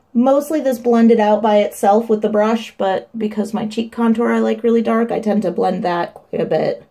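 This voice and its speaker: A woman's voice: fairly even intonation, moderate pace, creaky, hardly any pauses, dark tone. A young woman casually explaining her makeup steps at home in a makeup tutorial vlog. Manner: chatty, breaks into high sing-song baby talk. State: winded from running up stairs. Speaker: makeup vlogger.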